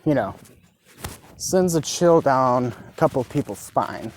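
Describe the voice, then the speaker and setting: A man telling an improvised fan story at a mid pitch, loose and rambling, leaning on fillers and the odd curse. Faint noise and barking dogs sit in the background. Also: animated, unhurried, darkish tone. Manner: rambling and casual, profane, many fillers.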